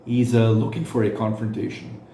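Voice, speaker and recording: A man giving reaction commentary, speaking haltingly with frequent fillers and restarts. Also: lowish voice, steady tone, dark tone, reverberant, slight background noise.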